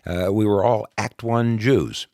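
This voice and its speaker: A man's voice: lowish voice, a little slow, mellow, dry recording, studio quality. A man from New York, a podcast guest, telling his personal testimony in a conversational way with frequent "uh" fillers. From New York, USA.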